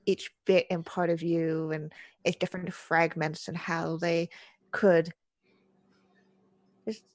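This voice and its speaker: A young adult woman narrating a tabletop horror game as game master, slow and hesitant with fillers. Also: fairly low pitch, level tone, dry recording.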